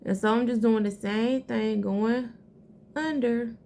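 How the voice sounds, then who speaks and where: A woman's voice: fairly high pitch, fairly even intonation, slow, vocal fry, warm tone, slight background noise. A woman talking viewers through her eyebrow routine in a casual, chatty way, calling them girl and sis. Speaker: beauty vlogger. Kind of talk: casual makeup tutorial.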